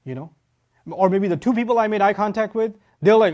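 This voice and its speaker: Speak as a male teacher giving a lively religious lecture. His voice sits a little high, and he hammers the key words home. He slips into quick impressions of students as he explains the text. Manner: emphatic, punches key words, acts out listeners' reactions. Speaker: teacher of Quran.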